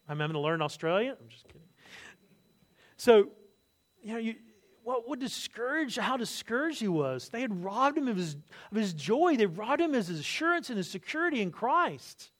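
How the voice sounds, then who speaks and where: A man preaching a sermon, telling stories with lively asides and jokes, acting out other people's words. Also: very high voice, moderate pace. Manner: animated storytelling, acts out quotes, asides and jokes. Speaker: pastor.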